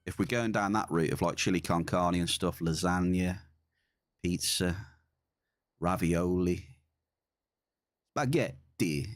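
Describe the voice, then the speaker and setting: A man's voice: deep voice, level tone, a little slow, long pauses, no echo, clean studio sound. A man streaming a game, chatting casually and answering his viewers. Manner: chatty, reads and answers chat. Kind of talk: casual gaming stream chat.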